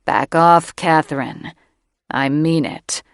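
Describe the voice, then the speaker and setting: A woman reads a stern dragon shifter, a protective man whose words come low and measured. The tone is gravelly and unhurried, close and dry. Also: no echo. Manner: low, firm and growling.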